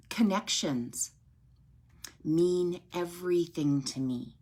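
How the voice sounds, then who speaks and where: A woman tells her own story to listeners who follow her, earnest and heartfelt, often checking in with them. Her voice sits on the low side for a woman, and she takes her time, speaking slowly and deliberately. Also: expressive. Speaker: author sharing her story. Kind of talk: personal testimony to followers.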